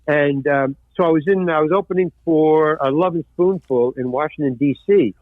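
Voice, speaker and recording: Give me an older man spinning animated anecdotes, slightly high voice, tinny phone-line sound. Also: moderate pace, no room sound. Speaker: guest, actor and former stand-up comedian. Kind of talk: storytelling interview.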